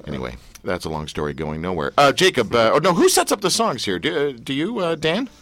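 Male radio host, bright and animated, jokey rambling studio banter. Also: medium pitch, fast talker, no echo. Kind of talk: casual studio chat.

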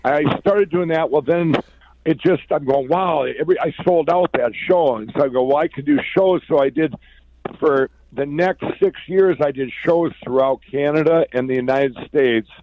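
A man from Minnesota talks as an interview guest, recounting his business story with restless excitement. He restarts sentences often and piles on fillers. His audio sounds muffled and lo-fi. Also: on the high side, normal speed, no room sound. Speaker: guest, pillow company founder. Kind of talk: conversational storytelling.

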